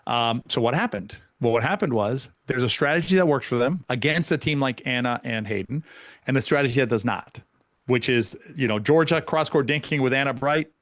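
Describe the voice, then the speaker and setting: Brief: male coach guest, rapid animated storyteller, dry close mic. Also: mid-range voice, dry recording. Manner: fast, animated storytelling with many restarts. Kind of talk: casual podcast conversation.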